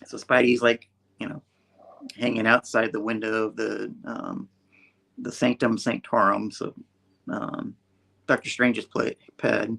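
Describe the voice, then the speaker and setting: A man's voice: fairly low pitch, flat delivery, measured pace, gravelly, a bit bright. A man co-hosting a comic book show, casually retelling a story with lots of restarts and fillers. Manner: rambling, acts out characters' lines. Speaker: comic book podcast co-host.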